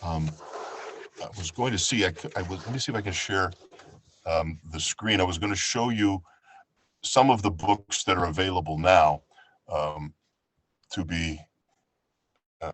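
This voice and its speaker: A man from New York, an audiobook narrator, talking casually over a video call in a relaxed, chatty way. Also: low voice, a little slow, long pauses, dry recording. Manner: relaxed, chatty, with fillers and restarts.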